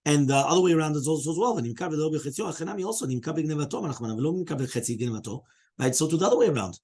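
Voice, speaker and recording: A man's voice: on the high side, expressive, rapid-fire, darkish tone, slightly rough. A man who is a rabbi leading a Talmud study class, explaining step by step, fielding students' questions and often checking in with "right?".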